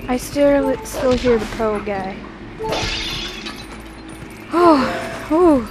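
High-pitched woman yelling over game music. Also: animated, drawn-out words. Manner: screams, swears and pleads at enemies. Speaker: let's play gamer. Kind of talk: panicked gameplay commentary.

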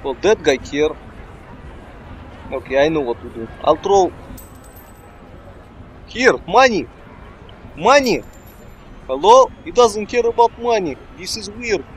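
A man commentating casually on his gameplay in broken English, bursting into excited shouts. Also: high-pitched, moderate pace, a little hiss or hum. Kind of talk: casual let's-play commentary.

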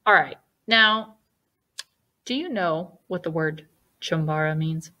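A woman's voice: sits low, slow pace, pushed and bright, muffled recording. A woman music teacher giving a children's lesson online in a patient, sing-song teacherly way.

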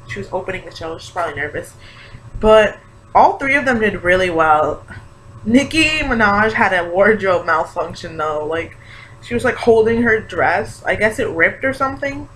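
A young woman chatting excitedly in a casual reaction vlog, gushing and full of fillers. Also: medium pitch, poor audio. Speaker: vlogger. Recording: faint background hiss.

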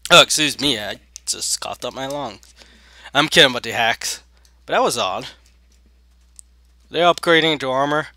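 A man giving excitable gaming commentary at a close desk mic, jumping between loud yelps and sneaky whispers. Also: medium pitch, moderate pace, pauses often, dry recording. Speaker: gaming video host.

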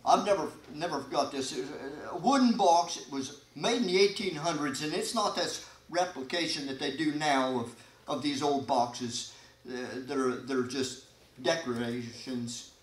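Folksy preacher, high voice. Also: male voice, normal speed. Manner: folksy, animated preaching with sudden loud emphasis and quiet asides. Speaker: pastor. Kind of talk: sermon. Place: church sanctuary. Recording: echoey church hall.

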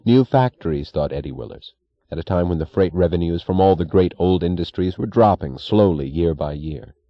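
A man narrating a novel as an audiobook, measured and expressive. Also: low voice, no echo, lo-fi sound.

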